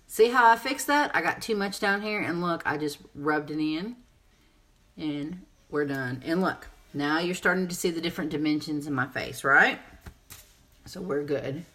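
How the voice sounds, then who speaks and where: Chatty woman with a low voice, rambling through a live makeup demo. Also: a bit bright. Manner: chatty, rambling, answers viewer comments. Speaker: makeup seller and presenter. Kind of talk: casual live makeup tutorial.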